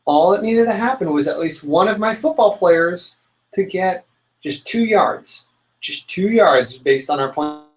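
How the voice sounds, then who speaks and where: A young man co-hosting a casual chat show, telling a story with lively, dramatic outbursts. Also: sits high, a little slow, rough recording. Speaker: podcast co-host.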